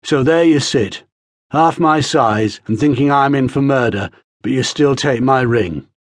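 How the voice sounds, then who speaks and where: Man voicing a surly hungover big guy, muttering, husky, dry sound. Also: medium pitch, a little slow, no room sound, close to an everyday voice. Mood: menacing. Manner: growling, muttering.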